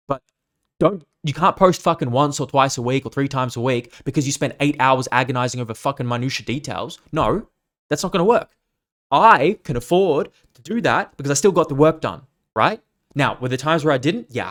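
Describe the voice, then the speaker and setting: A man's voice: medium pitch, a bit bright. A man hosting his own podcast as a coach, giving a blunt, profane, emphatic unscripted rant. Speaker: fitness coach and podcast host.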